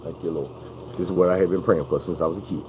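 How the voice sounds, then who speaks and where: A young man telling a story in a casual, animated, profane way. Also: low voice, fast talker, background noise. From Arkansas.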